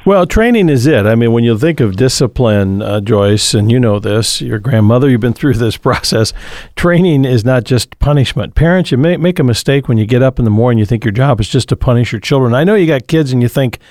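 A man's voice: mid-range voice, expressive, fairly quick, darkish tone, no echo. A man hosting a call-in radio program, giving earnest parenting advice and reading listener comments. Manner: earnest, advising, preacher-like. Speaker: radio show host.

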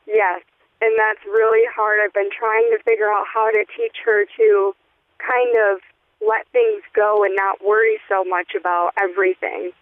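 A woman calling in to a radio show, self-deprecating and quick to laugh at herself. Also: medium pitch, level tone, dry recording. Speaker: caller. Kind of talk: phone-in conversation. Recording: tinny phone line.

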